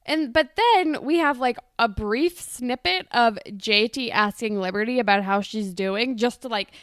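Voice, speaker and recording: A woman's voice: a little high, measured pace, clear, resonant tone, no room sound, studio quality. A young woman co-hosting a casual podcast, rambling and filling her talk with "like" while recapping a TV show. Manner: rambling with many "like"s. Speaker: podcast co-host.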